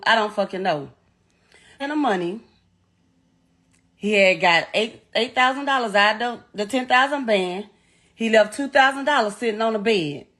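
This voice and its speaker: A middle-aged woman with a slightly high voice tells her own story as a mother. She speaks bluntly and haltingly, swears freely and restarts her sentences as she goes. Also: fairly bright tone. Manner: blunt, profane, halting retelling. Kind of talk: emotional first-person account.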